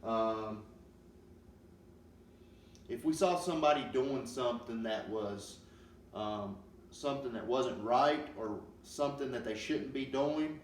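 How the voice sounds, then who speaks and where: A man giving a grammar lesson, explaining slowly and patiently with many pauses and ums. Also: mid-range voice. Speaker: teacher. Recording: roomy, distant mic with faint noise.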